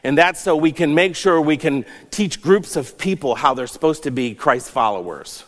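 A man's voice: on the high side, normal speed, fairly bright tone, long reverb tail. A man preaching a sermon as a pastor, earnest, rising and falling for emphasis.

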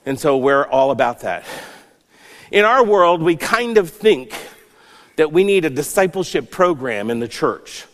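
A man's voice: on the high side, lively intonation, unhurried, long reverb tail. A man preaching a sermon as a pastor, earnest, rising and falling for emphasis.

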